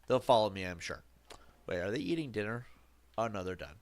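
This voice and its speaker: A man's voice: fairly low pitch, animated, brisk. A man streaming a game with a stuffy nose, talking casually in a reflective, rambling way with jokey asides. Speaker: live streamer. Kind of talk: casual live-stream talk while gaming.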